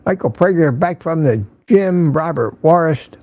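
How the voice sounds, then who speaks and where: Chatty older man with a mellow, dry voice. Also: a little high, expressive, measured pace, no echo. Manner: chatty, greets viewers by name, laughs often. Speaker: host of a morning live stream. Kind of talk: casual live-stream chat greeting viewers.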